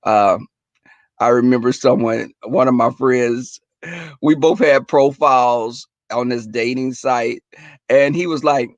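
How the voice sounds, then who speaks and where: Gravelly, animated man chatting casually. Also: mid-range voice, slow pace, no room sound. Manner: profane, animated storytelling, talks to viewers as y'all. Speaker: livestream host. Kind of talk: casual chat to viewers.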